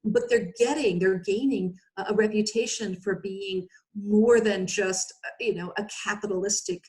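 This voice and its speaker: A woman talking through practical advice as a webinar guest, heard over a video call. Her pitch sits in the middle, and she keeps a relaxed, conversational flow, with fillers and small restarts. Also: normal speed. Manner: conversational, explanatory, with frequent fillers.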